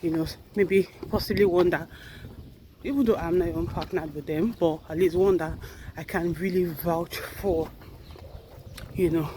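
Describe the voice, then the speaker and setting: A woman's voice: lowish voice, fairly even intonation, moderate pace, long pauses, dark tone, slight background noise. A woman vlogging while walking outdoors, a little out of breath, chatting earnestly and correcting herself as she goes. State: slightly out of breath. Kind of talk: casual walking vlog.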